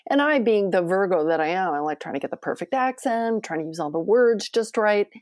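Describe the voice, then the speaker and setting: A woman cookbook author and cooking teacher, talking in an expressive, enthusiastic way in a podcast interview. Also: medium pitch, a little fast, no echo, clean studio sound. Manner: chatty, expressive, enthusiastic storytelling.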